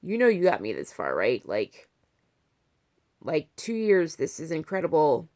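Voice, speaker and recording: A woman's voice: low-pitched, huge pitch swings, a little slow. Woman vlogger, casual diary talk, rambling and filler-heavy, heartfelt with sudden fired-up bursts. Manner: heartfelt, swinging from soft to fired-up. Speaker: vlogger sharing a health update.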